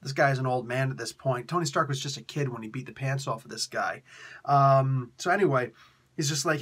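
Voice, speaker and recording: A man casually reviewing a comic book for his video channel, excitable and rambling, laughing often. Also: medium pitch, fairly quick, husky.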